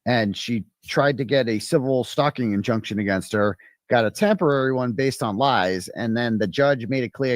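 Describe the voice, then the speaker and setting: Male stream host, mid-pitched voice, dry close sound, crude rambling mockery. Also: normal speed, no echo. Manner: crude, profane and mocking, rambling with many restarts. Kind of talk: casual live-stream commentary.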